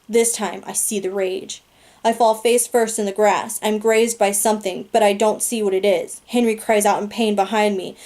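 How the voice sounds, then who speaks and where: A woman reading a novel aloud in a calm, steady manner. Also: medium pitch. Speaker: audiobook reader.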